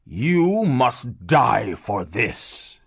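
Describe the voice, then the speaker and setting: A man voicing an angry male beast in a read-aloud storybook, loud, slow and threatening. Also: mid-range voice, big pitch swings, gravelly, breathy edge, no echo, clean studio sound, exaggerated voice. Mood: furious.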